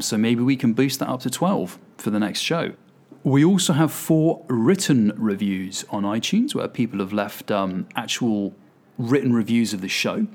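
A man hosting his podcast solo, chatting casually and poking fun at himself with plenty of fillers. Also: lowish voice. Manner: chatty and self-deprecating, with fillers. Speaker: podcast host.

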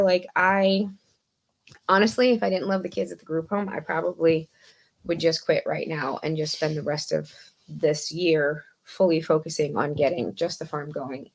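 A woman's voice: sits low, darkish tone. A woman guest on a podcast, chatting casually and rambling, swearing freely and laughing often. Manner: rambling, profane, frequent laughs. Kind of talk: casual chat.

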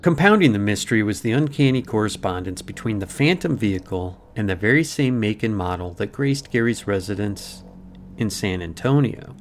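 A man's voice: fairly low pitch, lively intonation, moderate pace, a little hiss or hum. A man hosting a podcast, telling a mystery story in dramatic, ornate scripted narration. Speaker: podcast host. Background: faint music.

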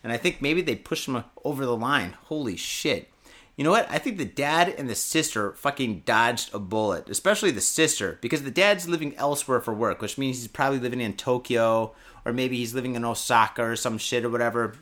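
A man's voice: mid-range voice, lively intonation, fairly quick, fairly bright tone. A man hosting a podcast in casual, profane, rambling talk, reading news stories aloud and breaking in with irreverent jokes. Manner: reads news stories aloud with joking asides. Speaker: podcast host.

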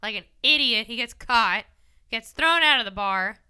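A young woman co-hosting a podcast, retelling a story in a playful, animated way. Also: on the high side, moderate pace, clear, resonant tone. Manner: playful, animated storytelling with goofy character voices. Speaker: podcast co-host. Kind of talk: casual podcast chat.

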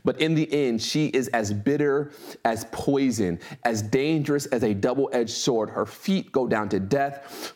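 A young man preaching a sermon, reading scripture aloud and then commenting on it in casual slang, slowing down to stress words. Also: medium pitch. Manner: slows and stresses words for emphasis.

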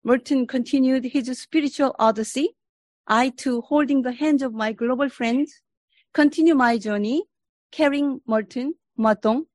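Earnest woman, professor at a lectern, deliberate reflective delivery, dry room. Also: high voice, darkish tone, dry recording. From Korea. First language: Korean. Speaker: professor giving a presentation. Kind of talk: formal spiritual presentation.

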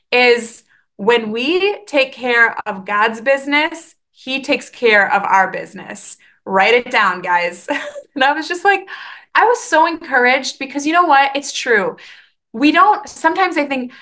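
Bright, chatty woman podcast host. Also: sits high. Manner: animated, earnest, chatty with quick restarts. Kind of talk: casual faith podcast monologue.

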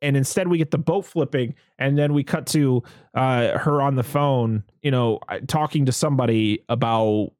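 A man's voice: medium pitch, normal speed, hardly any pauses, dry recording, studio quality. A man casually recapping a movie for a podcast, swearing freely and acting out the characters' lines. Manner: profane, animated retelling with acted quotes. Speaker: podcast co-host.

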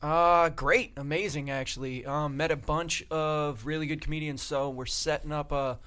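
A man, a comedian and co-host, telling a self-mocking story in an animated way on a podcast. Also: on the high side, moderate pace, smooth.

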